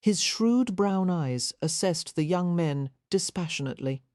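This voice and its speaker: Low-voiced woman narrating an audiobook. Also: expressive, unhurried, a little mellow, dry recording, studio quality.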